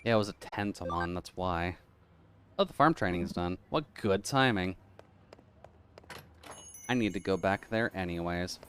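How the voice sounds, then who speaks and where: A man's voice: low-pitched, lively intonation, measured pace, long pauses, fairly bright tone, a little hiss or hum. A man streaming a game live, muttering sarcastic commentary and swearing. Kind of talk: casual live gameplay commentary.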